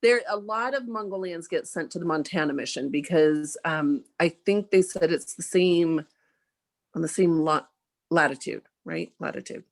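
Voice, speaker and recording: A woman in her forties tells a story on a podcast with a lively, animated delivery. Her voice sits a little low, and she leaps upward when she acts out what others said. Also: normal speed. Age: 40s. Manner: animated, acts out quoted dialogue with big jumps in pitch. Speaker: podcast guest. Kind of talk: casual storytelling.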